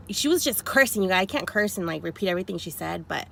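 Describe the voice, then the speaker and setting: A woman telling a story in a chatty, animated, slangy way, sitting in her car. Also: mid-range voice, quick pace, creaky. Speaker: vlogger. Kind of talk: story time vlog.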